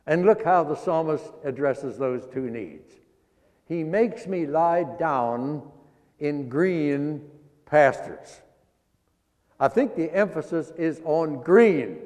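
A man preaching a sermon, explaining scripture line by line in a folksy, teaching way and slowing down to stress the verses. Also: sits high, a little mellow, in a large hall. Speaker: pastor.

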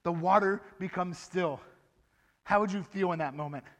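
A man giving a lively children's sermon in church, asking the children questions and acting out the story for them. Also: sits high, normal speed, big-room sound. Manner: animated, asks the children questions. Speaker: children's pastor.

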